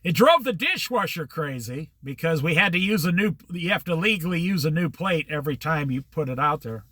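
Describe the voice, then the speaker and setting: Here the host, an older man, rambles through a memory in a relaxed monologue, quoting people and playing both parts of past exchanges. His high male pitch swings widely between phrases with lively intonation, and he talks a little fast. The tone rings very bright, and the close, dry recording carries no room echo.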